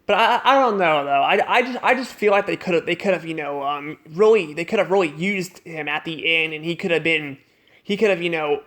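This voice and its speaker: A man with a fairly high, somewhat bright voice reviews a cartoon episode off the cuff. He rambles and halts, restarting sentences and repeating words.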